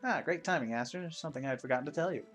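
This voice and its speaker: Man doing a gentle, chatty village mother, faint music behind. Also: a little high, rapid-fire, lightly acted. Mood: friendly.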